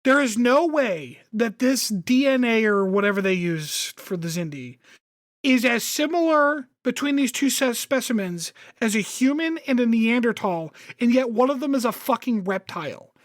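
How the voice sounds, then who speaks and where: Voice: medium pitch, lively intonation, moderate pace. A podcast co-host ranting casually with lots of swearing and emphatic complaints. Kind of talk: casual chat.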